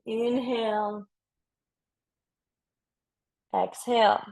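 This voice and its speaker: A woman's voice: on the high side, level tone, measured pace, gravelly, darkish tone. A young woman leading a yoga class, calling out breaths and poses in an upbeat, playful way, slightly out of breath. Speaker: yoga instructor. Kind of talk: guided yoga class instruction.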